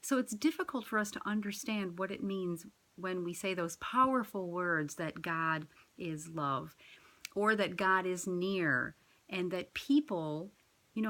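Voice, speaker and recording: A woman in parish ministry giving a reflective spiritual talk, speaking in an earnest, measured way with gentle emphasis. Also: fairly low pitch.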